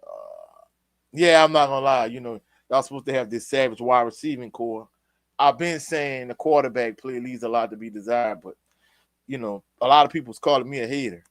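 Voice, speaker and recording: A man's voice: medium pitch, expressive, normal speed, no room sound. A man hosting a casual sports live stream, reading viewer comments and giving his opinions in a laid-back, opinionated way. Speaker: sports show host reading live chat.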